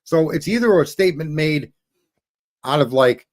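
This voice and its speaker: Emphatic higher-voiced man on a panel. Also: animated, a little fast, no echo. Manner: emphatic, rhetorical questions. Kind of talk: casual panel discussion.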